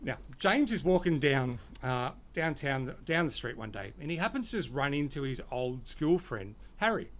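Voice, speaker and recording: A middle-aged Australian man co-hosting a casual podcast, telling a dad joke with playful, animated delivery. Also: medium pitch, normal speed, few pauses. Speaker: podcast co-host.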